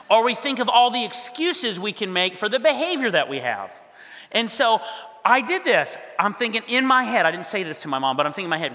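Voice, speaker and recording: Higher-pitched guy preaching, animated storyteller, big echoey church hall. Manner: animated, acts out quoted voices. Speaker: pastor. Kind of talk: storytelling sermon. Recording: long hall reverb.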